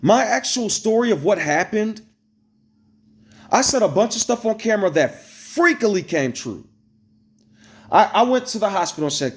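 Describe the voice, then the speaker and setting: A man's voice: normal speed, long pauses. Man ranting to camera, blunt and profane. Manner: blunt and profane, addresses viewers directly; animated, jumps between high exclamations and low asides. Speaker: vlogger. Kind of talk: casual ranting storytelling to camera.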